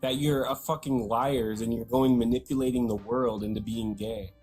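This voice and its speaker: A man's voice: medium pitch, fairly even intonation, moderate pace, darkish tone, faint music behind. A man calling into a livestream debate, hostile and insulting, talking over the other speaker. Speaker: debate caller. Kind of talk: heated online debate.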